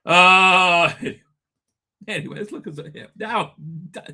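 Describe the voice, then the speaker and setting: A man's voice: high voice, animated, normal speed, creaky, bright, forceful tone, breathy edge. A man hosting a live stream, ranting sarcastically and crudely at video clips and swearing freely.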